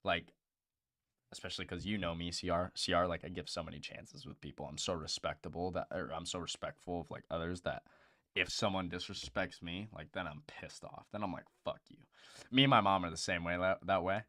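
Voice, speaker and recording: A man's voice: sits low, fairly even intonation, a little fast, bright, forceful tone, no echo, studio quality. A young man hosting a live stream in casual chat, blunt and profane, with lots of "bro" and "dude".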